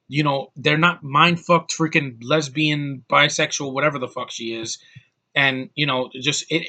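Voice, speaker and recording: A man's voice: fairly high pitch, sharp tone. A man giving a casual, ranting film review, blunt and heated, often repeating and restarting his words. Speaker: movie reviewer.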